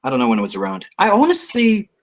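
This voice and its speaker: A man from Canada chatting casually about comics, blunt and animated. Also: mid-range voice, quick pace. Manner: animated, swearing, blunt opinions. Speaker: co-host. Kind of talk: casual chat.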